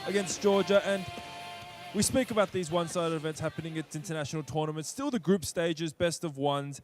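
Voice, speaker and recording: A man's voice: fairly high pitch, brisk, faint music behind. A young man leading casual esports commentary, friendly, giving context and tossing questions to his partner. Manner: friendly, hosting, sets up context and asks co-caster questions.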